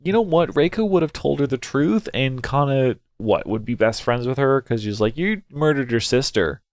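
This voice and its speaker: A game streamer with a mid-range, darkish voice plays through a story game at a moderate pace, commenting anxiously, swearing, and reading some dialogue half in character. Game music plays behind him, with no room sound.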